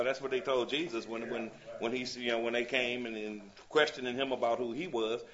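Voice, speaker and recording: A man leading a Bible study, speaking at a middling pitch as he works through scripture. He reads passages aloud and keeps turning to his group to ask if they follow. The recording is slightly dull and muffled. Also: steady tone, brisk, fairly bright tone. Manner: reads scripture aloud and checks in with "you see?". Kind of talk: teaching a Bible class.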